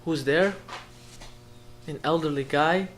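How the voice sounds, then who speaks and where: A man, a rabbi, telling a story in an emotional sermon. He swings from hushed tones to loud, urgent speech and repeats phrases for emphasis. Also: fairly high pitch, slow, slight background noise. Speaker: rabbi giving an inspirational talk.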